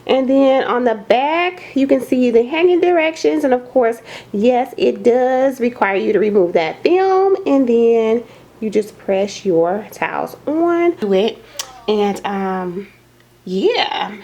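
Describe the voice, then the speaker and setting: A young adult woman with a fairly high voice talks through an unboxing in her dining room. She gushes and gets excited easily, chatting casually to her viewers and calling them y'all. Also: slow. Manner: gushing, excitable, says y'all. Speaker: home decor vlogger.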